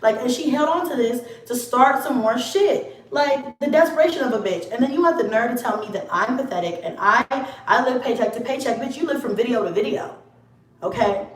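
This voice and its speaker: A woman's voice: on the high side, expressive, fairly quick, far from the mic. A woman vlogger ranting to camera, blunt, profane and confrontational. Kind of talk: casual rant to camera. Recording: echoey room, set back from the mic.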